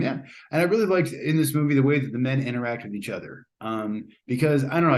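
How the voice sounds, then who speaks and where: A man hosting a casual spoken movie review, chatty and rambling, often hedging and restarting his sentences. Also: medium pitch. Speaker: host.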